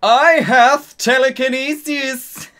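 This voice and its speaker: A man voicing a menacing male dark wizard with shrill, booming archaic threats in a comedic dramatic reading. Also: steady tone, takes it slowly, heavily acted.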